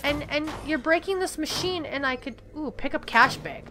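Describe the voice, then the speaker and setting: A young woman hosting a let's-play, chatty and quick to swear and get upset at the game. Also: high-pitched, background noise. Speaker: gaming channel host. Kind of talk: casual let's-play commentary.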